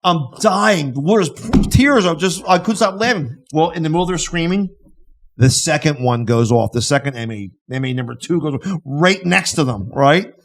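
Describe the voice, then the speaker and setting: A man co-hosting a podcast, telling a story with lively energy and acting out the people in it. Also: fairly high pitch, normal speed. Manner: animated storyteller who acts out the people in his stories. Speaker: podcast co-host. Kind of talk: casual storytelling chat.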